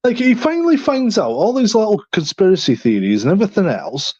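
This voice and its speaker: A man's voice: sits high, sing-song, fairly quick, a little mellow, dry recording. Rambling man on a podcast. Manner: rambling, many restarts and "you know what I mean". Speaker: podcast co-host. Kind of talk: casual chat. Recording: dry, slightly dull sound.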